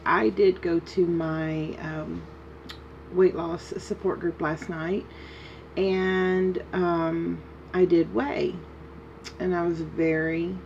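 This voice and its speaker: Woman, vlogger, casual video diary, rambling with fillers, low pitch, dull lo-fi recording. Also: a little mellow. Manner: slow, rambling, many fillers. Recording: dull lo-fi with faint noise.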